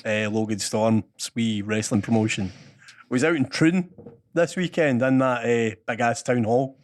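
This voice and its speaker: A man's voice: medium pitch, measured pace. A Scottish man co-hosting a podcast, telling stories in casual chat, swearing and laughing often. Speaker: podcast co-host.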